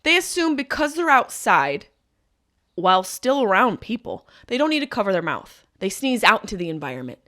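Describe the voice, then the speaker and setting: A woman hosts her podcast with a comic monologue full of mock outrage and swearing. Her pitch leaps around wildly as she acts out her grievances. The sound is close and dry, with no room in it. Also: moderate pace, no room sound. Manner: animated, profane, riffing with mock rants. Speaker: podcast host. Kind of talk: comedic monologue.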